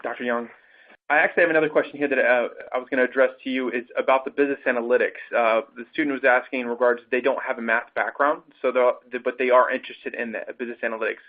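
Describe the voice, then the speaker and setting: A man runs the question section of an online program webinar, reading questions aloud and pausing on many fillers. His pitch is middling and the line is narrow and phone-like. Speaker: enrollment advisor hosting Q&A.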